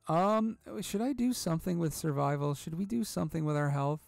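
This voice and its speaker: A man's voice: a little high, brisk, creaky, darkish tone, no room sound, soft background music. A middle-aged man commenting on his gameplay in a profane, sarcastic way, and laughing at his own jokes. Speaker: let's-play streamer.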